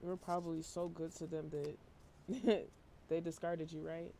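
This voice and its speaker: A worn-out man giving a casual tarot reading to camera, talking in a flat, low-energy monotone and swearing casually. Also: a little slow, gravelly, a little hiss or hum. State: emotionally worn out. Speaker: tarot reader.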